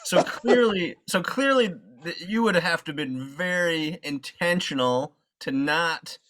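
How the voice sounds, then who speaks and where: A man's voice: fairly high pitch, takes it slowly, a bit bright. A man interviewing a guest, asking long, searching questions with hesitant phrasing.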